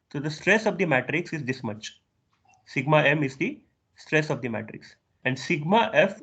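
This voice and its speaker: A young man with an Indian accent lectures on engineering in rapid, slightly high-pitched speech. He moves between English and Hindi, keeps asking rhetorical questions and corrects his own slips mid-sentence. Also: fairly bright tone. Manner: restarts and corrects himself.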